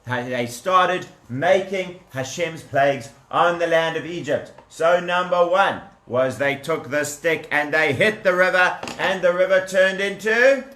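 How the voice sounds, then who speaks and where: A man's voice: on the high side, measured pace, few pauses, sharp tone, roomy sound. A man telling a children's Bible story playfully, speaking directly to the kids.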